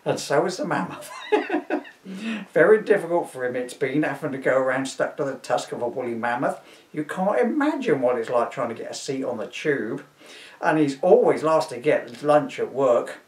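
A man's voice: mid-range voice, very animated, moderate pace, lightly acted. A man voicing a gossipy, indignant working-class housewife who grumbles at length. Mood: grumbling. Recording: roomy, from a distance.

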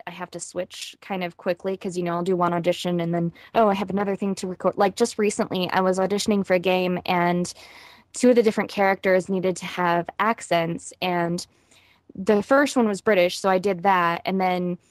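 A woman voice actress being interviewed, talking casually and quickly with frequent laughs. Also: fairly low pitch, fairly even intonation, dry recording, studio quality. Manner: chatty, quick, laughs often.

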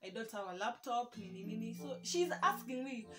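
A young woman with a Kenyan accent and a slightly high voice, telling a vlog story. She talks in a chatty, self-mocking way and slips Swahili words into her English. Clear background music plays under her voice. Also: animated, brisk. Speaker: vlogger.

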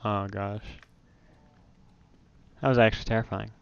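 A man hosting a let's play, chatting casually while gaming and breaking into loud startled exclamations. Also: lowish voice, flat delivery, a little slow, gravelly, clean tone, highs cut off.

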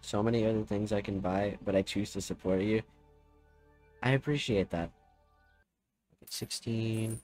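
Male streamer, casual, quiet muttering over game play, faint music underneath. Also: fairly low pitch, steady tone, unhurried, pauses often. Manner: mumbles to himself, then shouts and laughs when surprised. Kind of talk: casual gameplay livestream chat.

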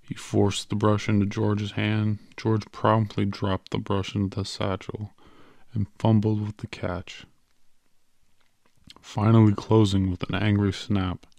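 A man narrating an audiobook in a steady, measured storytelling manner. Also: on the low side, gravelly, no room sound. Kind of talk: scripted narration.

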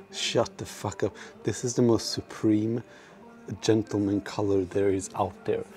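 Male streamer at the gym, slow and mellow delivery, swears freely, mocks himself, faint music behind. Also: on the low side, level tone. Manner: profane, self-mocking banter with chat. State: out of breath at times. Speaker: livestreamer. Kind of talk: casual livestream chat while working out.

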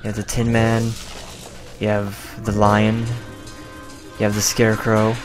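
A young man rambles through his gameplay commentary, swearing and sarcastic, his voice sitting a bit low. A loud music track plays behind him. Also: completely flat delivery, unhurried. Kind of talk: casual let's play commentary.

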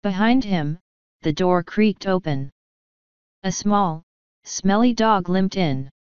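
A woman narrating an audiobook in a measured, dry storytelling manner. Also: medium pitch, expressive, smooth, no echo. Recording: dull lo-fi audio.

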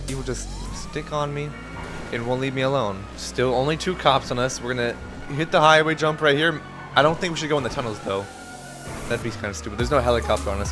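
A young man giving excited running commentary over his roleplay gameplay, often yelping and shouting. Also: medium pitch. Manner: shouts and yelps during chases. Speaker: gaming YouTuber. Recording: game music behind.

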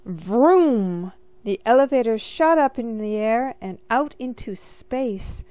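A woman reading a picture book aloud in a gentle, measured storytelling manner. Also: a little high, dry recording. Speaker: storybook reader.

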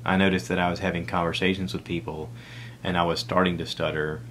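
A man's voice: low-pitched, level tone, quick pace, fairly bright tone, slight background noise. A middle-aged man with a Southern American accent, hosting a solo podcast in a rambling, conversational way with self-deprecating asides. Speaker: podcast host. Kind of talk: casual solo podcast talk.

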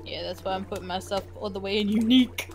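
A young woman chatting on a call with a friend during a game stream, joking and excitable. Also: medium pitch, fast, soft background music. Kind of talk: casual chat on a call.

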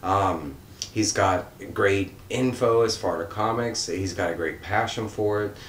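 A man with a very low voice talks casually to his viewers, earnest and rambling, full of ums and restarts. His voice rings in a roomy, echoey space with a faint rumble underneath. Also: measured pace. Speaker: comics channel host. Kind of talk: casual vlog shoutout.

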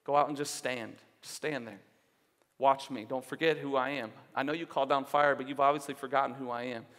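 A man voicing God as a low, hushed presence asking slow questions. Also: fairly even intonation, in a large hall, close to an everyday voice. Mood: firm. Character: God speaking low and soft to a hiding prophet.

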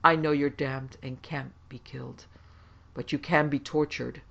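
A man voicing the gruff, roaring ghost of an old male headmaster who mocks his victims with murderous glee. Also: medium pitch, fairly even intonation, measured pace, sharp tone, muffled recording. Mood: mocking. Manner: mocking, triumphant.

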